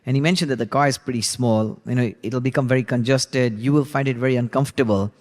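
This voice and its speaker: A man leads a class and tells a story in an easy, chatty way, often pausing on "you know." His voice sits at an ordinary middle pitch. A long reverb trails after his words, as if he is in a large hall. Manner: conversational, relaxed retelling with frequent 'you know'. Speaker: religious class teacher. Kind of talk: storytelling lesson.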